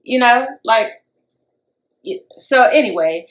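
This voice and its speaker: A woman's voice: slow, reverberant, poor audio. A woman co-hosting a podcast, chatting casually and acting out quotes as she tells stories. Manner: animated storyteller, acts out quotes with rising pitch. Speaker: podcast co-host. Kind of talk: casual discussion.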